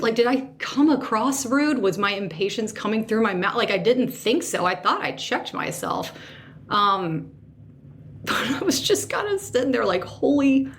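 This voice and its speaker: Emotional woman host telling a story. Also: medium pitch. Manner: animated, second-guesses herself aloud; emotional, sensitive. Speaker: podcast host. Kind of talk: personal storytelling monologue.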